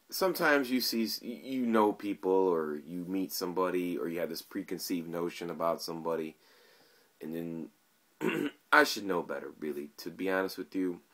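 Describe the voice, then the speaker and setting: Casting note: low-pitched man, loose, profane, rambling vlog talk. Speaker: YouTube commentator. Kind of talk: casual vlog talk to camera.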